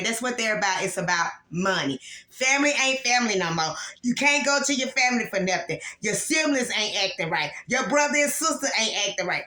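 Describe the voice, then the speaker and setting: Woman, 40s, angry vlog rant, bright tone, echoey room. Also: a little high, expressive, brisk. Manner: emotional, repetitive, upset and angry. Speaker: vlogger. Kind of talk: casual vlog venting to viewers.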